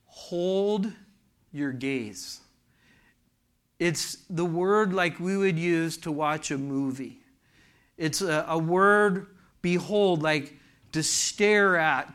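A man's voice: on the high side, fairly bright tone, clean tone. A man preaching a sermon to a congregation in a church, fervent and asking the room questions. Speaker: pastor.

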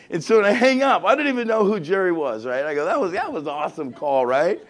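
A man's voice: high voice, animated, fast, hardly any pauses. A middle-aged male pastor telling a story in a sermon, acting out both sides of the conversations and laughing often.

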